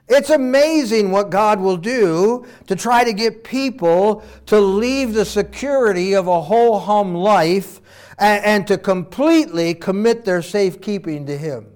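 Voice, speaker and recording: A man preaching a sermon in an animated way, acting out voices and swinging between loud and quiet. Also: high voice, unhurried. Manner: animated, acts out voices, varies loudness widely.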